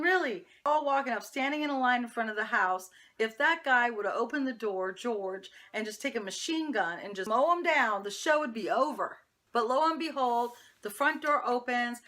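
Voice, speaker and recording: Bright-voiced woman recapping a TV episode. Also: a little high. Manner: chatty, opinionated, talks straight to viewers. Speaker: TV show reviewer.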